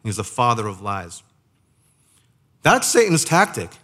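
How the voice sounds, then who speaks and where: A man preaching a sermon in a conversational way, asking the listeners rhetorical questions and slowing down to stress key phrases. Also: mid-range voice, wildly swooping pitch, a bit bright. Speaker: pastor.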